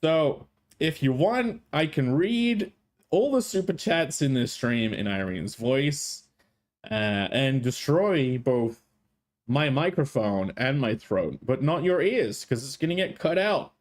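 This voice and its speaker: A man's voice: mid-range voice, lively intonation, slow. A male streamer with a strained throat, chatting in a playful, jokey way and swearing freely. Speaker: streamer, host. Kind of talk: casual live-stream chat.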